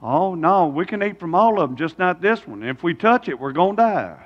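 Preacher voicing a flustered, defensive Eve. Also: male voice, high-pitched, big pitch swings, normal speed, big-room sound, lo-fi sound, pitched below the performer's own voice. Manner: insistent, repeating herself. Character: first woman, flustered and defensive.

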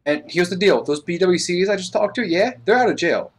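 A man's voice: high voice, animated, breathy edge. A man playing a police interrogator in an online game role-play, taunting and repeating himself as he presses for information. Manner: taunting, repetitive, quick-talking interrogator.

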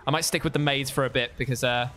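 A man's voice: medium pitch, steady tone, quick pace, pushed and bright. A man giving playful, jokey commentary while gaming on a livestream. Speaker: co-host. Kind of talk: casual chat while gaming.

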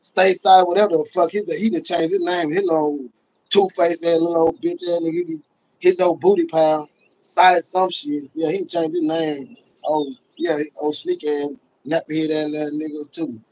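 Man, high pitch, profane mocking livestream rant, bursts of shouting. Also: normal speed, a little hiss or hum, low-quality recording. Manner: profane, mocking, animated, with sudden shouts and laughs. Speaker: livestream host. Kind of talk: ranting livestream commentary.

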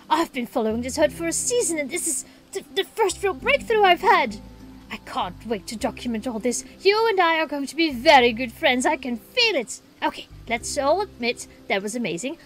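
A woman voicing a cheerful, eager dinosaur researcher from a video game, reading the lines aloud with bubbly excitement. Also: high voice.

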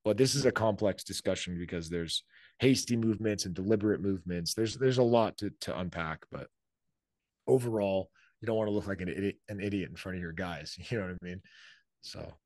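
A man's voice: sits low, a little fast, a little mellow, no echo. A man, a military leader being interviewed on a podcast, talking casually with many fillers. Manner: conversational, many fillers, acts out quoted orders. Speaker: author and army leader, podcast guest.

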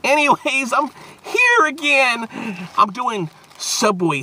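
A man's voice: a little high, measured pace, long pauses, a little hiss or hum. A man hosting a casual, jokey food review vlog. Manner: playful, animated, jokey.

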